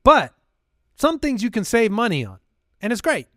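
High, lively-voiced male podcast host. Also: no room sound, clean studio sound. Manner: loose, joking, quick to laugh. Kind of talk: casual comedic chat.

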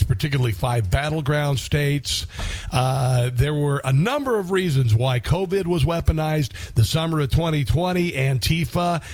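A man's voice: on the high side, darkish tone, no echo. A man hosting a talk radio show, delivering a combative, sarcastic monologue.

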